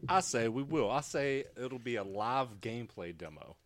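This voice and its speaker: A man's voice: mid-range voice, lively intonation, normal speed. A man co-hosting a casual gaming chat, joking around and teasing the others. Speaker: podcast co-host.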